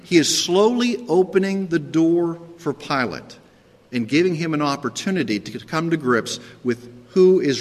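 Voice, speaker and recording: Male pastor, higher voice, casual sermon delivery, reverberant hall sound. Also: a bit bright. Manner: conversational preaching with repeated "okay?" checks; acts out Pilate's sarcastic lines in a higher voice.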